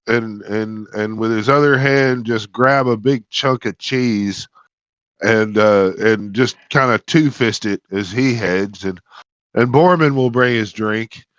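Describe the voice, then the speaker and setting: A man's voice: lowish voice, takes it slowly, fairly bright tone, dry recording, dull audio. A man playing a tabletop game, talking in a casual, rambling way. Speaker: player. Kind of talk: tabletop role-play.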